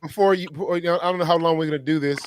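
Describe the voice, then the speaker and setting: A man co-hosting a talk show, animated, laughing between remarks and restarting his questions. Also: a little high, racing, a little hiss or hum. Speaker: co-host. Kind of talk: casual talk show chat.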